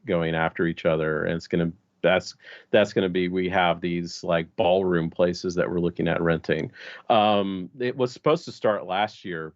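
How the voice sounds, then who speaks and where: Deep-voiced man, casual rambling. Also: no echo, highs cut off. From American region with many Spanish speakers. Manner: rambling, many restarts and fillers. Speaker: LARP designer and organizer, podcast guest. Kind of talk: casual podcast chat.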